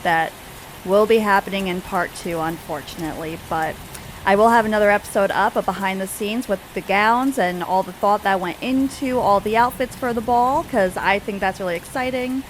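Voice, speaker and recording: A woman's voice: medium pitch, normal speed, slight background noise, poor audio. A woman casually narrating a life-sim story, chatty and giggly with lots of fillers.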